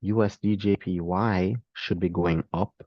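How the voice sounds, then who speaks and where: A man explaining a trading strategy to viewers in a relaxed, talkative way, addressing them directly. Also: sits low, unhurried, muffled recording. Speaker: trading instructor. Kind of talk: screen-share trading lesson.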